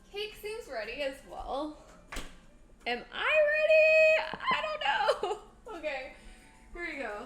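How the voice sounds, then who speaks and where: A fairly high-voiced woman is cooking on a live stream in her home kitchen, jittery and coaching herself out loud. Soft music plays in the background and dishes clatter. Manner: nervous, talks herself through each step; reads out viewer chat messages.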